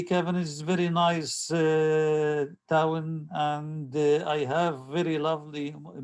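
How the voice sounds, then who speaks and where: A man hosting an online medical webinar and introducing the guest speaker over a video call, halting and filling pauses as he talks. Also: fairly high pitch. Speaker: webinar host.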